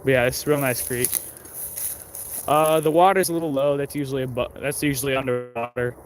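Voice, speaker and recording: A man's voice: medium pitch, steady tone, faint music behind. Rambling man livestreaming in the woods. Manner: rambling, halting, many fillers and restarts. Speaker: livestream host. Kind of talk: casual livestream chat while walking. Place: outdoors in woods by a creek. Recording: faint outdoor background noise.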